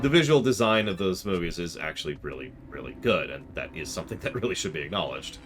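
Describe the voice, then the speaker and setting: A man's voice: low voice, animated, quick pace, loud music behind the voice. A tired man with a sore throat, rambling through opinionated commentary and reading chat aloud during a live game stream.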